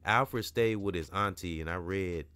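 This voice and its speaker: Deep-voiced man reading a novel aloud. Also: measured pace, sharp tone, clear, resonant tone, dry recording. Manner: stops often to explain the story to listeners; casual, repeats and corrects himself. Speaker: book reader.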